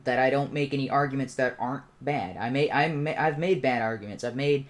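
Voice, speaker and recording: A man's voice: medium pitch, a little fast. A man hosting a livestream, giving an impassioned, argumentative commentary monologue. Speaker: channel host.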